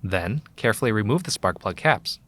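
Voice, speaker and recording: A man with a lowish voice reads scripted service instructions in a calm, even, step-by-step manner. It is a clean studio voice-over for a how-to video. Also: a little fast. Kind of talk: scripted narration.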